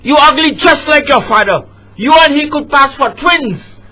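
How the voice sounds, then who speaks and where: A man putting on a shrill, scolding old grandmother. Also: slow pace, a bit bright, full character voice.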